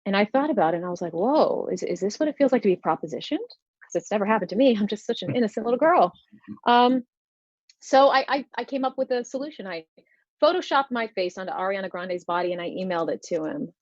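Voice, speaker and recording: A woman's voice: medium pitch, quick pace, no echo. Wry woman doing stand-up, dry lo-fi sound. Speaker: stand-up comedian. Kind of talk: stand-up set over video call. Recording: dull, slightly lo-fi sound.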